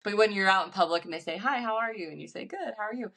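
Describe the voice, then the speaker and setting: A woman co-hosting a podcast in casual chat with her sister, talkative and quick to laugh at herself. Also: medium pitch, gravelly, a bit bright. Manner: chatty, laughs often, self-deprecating. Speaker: podcast co-host.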